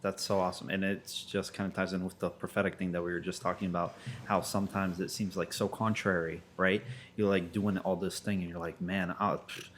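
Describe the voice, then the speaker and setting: Very low male voice, laid-back slangy co-host, faint hiss in the background. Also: brisk. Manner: relaxed slangy commentary. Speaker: podcast co-host. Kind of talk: casual faith podcast talk.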